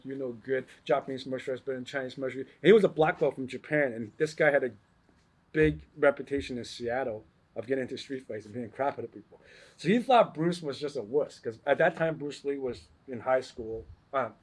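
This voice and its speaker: A man's voice: medium pitch, fairly quick, slightly rough. A martial arts instructor telling a story in a casual chat. He acts out the people in the story and laughs often.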